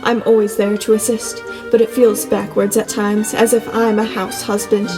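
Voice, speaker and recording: Earnest young prince with a German accent, read by a female narrator; friendly and open, flat melody. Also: mid-range voice, normal speed, natural voice. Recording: long reverb, soft music beneath.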